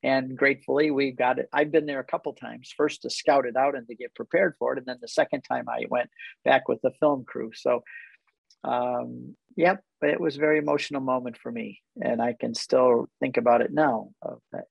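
A man's voice: medium pitch, fairly even intonation, moderate pace, gravelly, husky, no echo, muffled recording. A man telling a personal story in conversation as a guest who leads tour groups, earnest and reflective and easily moved.

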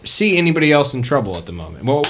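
A man's voice: medium pitch, racing, slight background noise. Man running a tabletop game. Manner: relaxed, chatty, with fillers. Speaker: game master.

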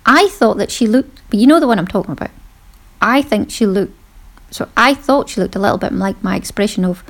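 A woman's voice: mid-range voice, animated, brisk. A middle-aged woman hosting a podcast, talking casually and poking fun at herself, with frequent laughs. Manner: chatty, self-deprecating, laughs often. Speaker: podcast host. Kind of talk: casual monologue.

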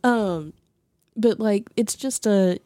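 A woman's voice: mid-range voice, slow pace, mellow, no echo. A young adult woman co-hosting a podcast in casual chat, laughing often and restarting sentences as she talks. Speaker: podcast co-host.

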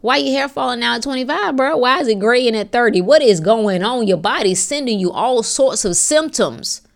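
A woman's voice: fairly high pitch, lively intonation, normal speed, gravelly. A woman hosting a podcast, giving a blunt, preachy, profane motivational monologue that climbs to fervent emphasis. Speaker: podcast host.

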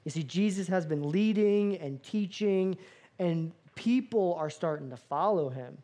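A man from Florida, a pastor, preaching a sermon with animated, self-mocking storytelling. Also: high voice, a little slow. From Florida, USA.

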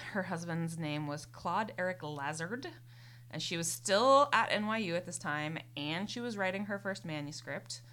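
A woman's voice: fairly low pitch, bright, forceful tone. A young woman hosting a podcast, casually recounting a life story with lots of "um" and "like". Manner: rambling, many fillers and "like". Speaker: podcast host. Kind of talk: casual chat, recounting a biography.

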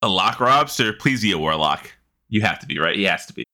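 Bright-voiced joking podcast co-host, a man. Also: lowish voice, animated, brisk. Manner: joking, swears freely. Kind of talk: casual chat.

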